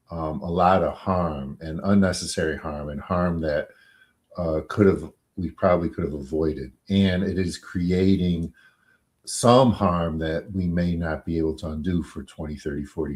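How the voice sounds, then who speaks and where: A man, a defense attorney being interviewed, answering in a measured, halting way with many pauses and fillers. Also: low voice, fairly even intonation.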